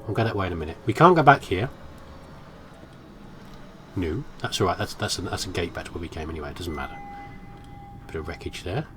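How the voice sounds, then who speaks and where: A gaming commentator talks through his horror game playthrough in a low, animated voice, moving fairly quickly but leaving long pauses. His let's play commentary is playful, musing and self-mocking, with background noise in the recording.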